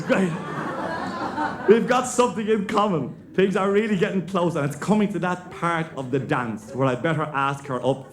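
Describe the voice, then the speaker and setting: Irish male stand-up, slightly high voice, deadpan delivery, echoey room with a roaring crowd. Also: normal speed. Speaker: stand-up comedian. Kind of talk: live stand-up routine. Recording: echoey live venue with loud crowd.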